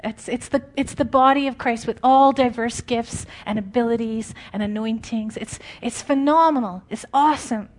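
Animated woman preaching, slightly high voice. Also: moderate pace, few pauses. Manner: animated and conversational, laughs often. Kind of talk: informal sermon.

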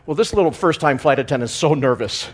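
A man speaking as a guest church speaker, telling a humorous story in a sermon with animated, chuckling delivery. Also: fairly high pitch, quick pace, breathy edge.

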